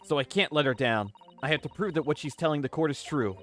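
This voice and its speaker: A man's voice: on the high side, fast talker, fairly bright tone, soft background music, close to an everyday voice. A man voicing an earnest young male defense attorney in a fan dub, determined.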